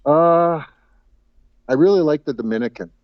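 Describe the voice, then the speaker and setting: A man calling into a talk show, chatting casually in a halting way, repeating words and chuckling at his own jokes. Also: fairly high pitch, no room sound, dull audio. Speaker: guest caller. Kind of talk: casual chat. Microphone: video call.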